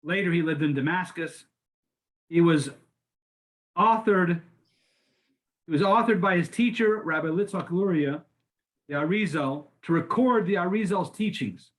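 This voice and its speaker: A man's voice: high-pitched, a little slow, long pauses. Older man teaching an informal class. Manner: informal, frequent restarts and repeated words. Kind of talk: conversational lecture.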